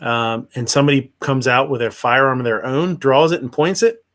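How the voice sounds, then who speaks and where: A man hosting a livestream rambles through casual news commentary in a brisk, slightly bright, medium-pitched voice. He hesitates often, with plenty of fillers and restarts.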